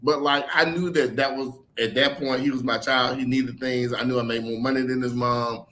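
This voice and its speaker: Frank, bright-voiced middle-aged man. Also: medium pitch, moderate pace, slight background noise. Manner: frank and animated, acts out others' words, swears casually, laughs. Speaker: author and interview guest. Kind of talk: candid conversational storytelling.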